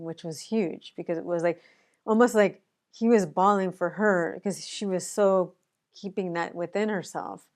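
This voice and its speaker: Woman, smooth clear voice, earnest, conversational, autism educator, talking to camera. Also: fairly low pitch, a little mellow. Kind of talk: casual personal talk to camera.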